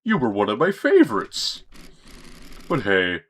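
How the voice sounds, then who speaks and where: A man voicing a sneering male villain in a game, taunting with a mocking, drawn-out, theatrical delivery. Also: lowish voice, wildly swooping pitch, a bit bright, husky, exaggerated voice. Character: sneering, sing-song male villain taunting a night guard.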